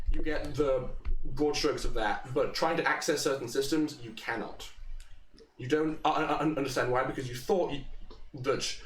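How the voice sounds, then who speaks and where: A man's voice: medium pitch, far from the mic. A man narrating as game master, stammering and restarting his sentences. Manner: stammering, halting. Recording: echoey room, off-mic.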